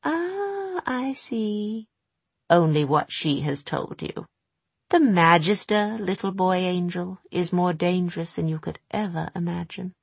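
A woman voicing a sinister female demon sister from a storybook, shrill and contemptuous. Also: animated, measured pace, creaky, breathy edge, no echo, heavily acted. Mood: scornful.

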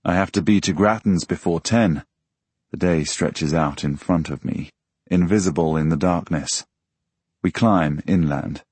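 A man reading a novel aloud in the first person, with measured, quiet storytelling. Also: deep voice, husky, no room sound. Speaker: audiobook narrator. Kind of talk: first-person scripted narration.

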